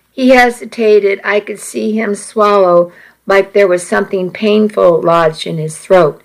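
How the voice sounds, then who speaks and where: A woman narrating a first-person story in an audiobook, measured and earnest. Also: medium pitch, creaky, low-quality recording.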